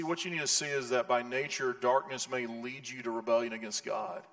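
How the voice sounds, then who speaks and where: A man's voice: medium pitch, steady tone, a little fast, hardly any pauses, fairly bright tone, big-room sound. A male pastor preaching a sermon in an earnest, conversational way with casual asides.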